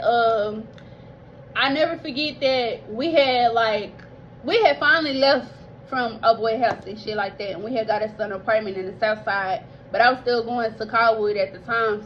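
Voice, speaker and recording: A woman's voice: on the high side, moderate pace, dull audio, slight background noise. A young woman telling her life story casually, rambling and heartfelt, near tears, swearing and calling listeners y'all.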